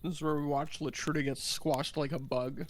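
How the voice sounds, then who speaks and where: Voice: medium pitch, little pitch movement, moderate pace. A player in a tabletop game, joking and hesitant.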